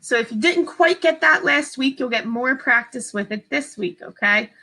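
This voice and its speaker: A woman teacher giving a slow, patient, step-by-step phonics lesson to young children from home. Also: high-pitched, expressive, sharp tone, low-quality recording.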